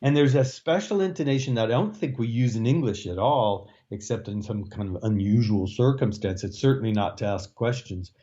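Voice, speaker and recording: A man's voice: medium pitch, a little fast, hardly any pauses, warm tone, highs cut off. A man, a Russian language professor explaining his teaching in an interview, with frequent fillers and restarts. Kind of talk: interview answers.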